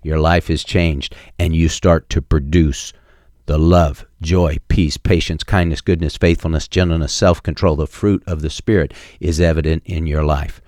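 A middle-aged man preaching a sermon, emphatic and building to sharp peaks, quoting scripture with chapter and verse. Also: rumbling low, steady tone, moderate pace, no room sound, studio quality. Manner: emphatic preaching, rising sharply on key points. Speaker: pastor.

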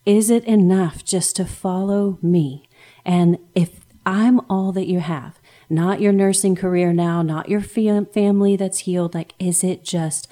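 Woman host, thirties, earnest and emotional storyteller, low mellow tone. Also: fairly even intonation, a little slow. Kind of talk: heartfelt faith conversation.

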